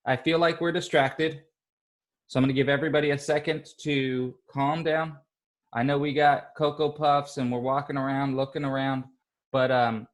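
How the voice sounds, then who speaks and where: A male teacher leading an online class, speaking slowly and patiently and encouraging the children. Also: on the high side. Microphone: computer mic on a video call.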